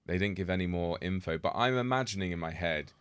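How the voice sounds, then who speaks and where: Male podcast co-host, young adult, low voice, dry studio sound, chatty overthinker. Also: fast talker, clear, resonant tone, no room sound. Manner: chatty, self-deprecating, overthinking. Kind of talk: casual chat. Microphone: studio podcast mic.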